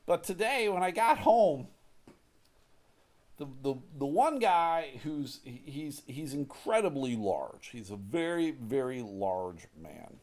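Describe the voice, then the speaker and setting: Guy ranting casually, lively swingy voice, cussing and joking about himself. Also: a little high, slow pace. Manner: profane, joking, self-mocking. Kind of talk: casual rambling monologue.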